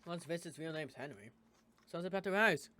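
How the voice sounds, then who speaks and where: A gaming YouTuber from the United States reading a visual novel aloud, switching character voices and breaking in with quick asides. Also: mid-range voice, lively intonation, pushed and bright.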